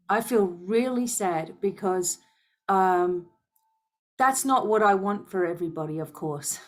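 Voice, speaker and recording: Woman, spiritual healer, passionate and emphatic, rhetorical questions, mid pitch, faint music behind. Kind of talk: spiritual monologue to followers.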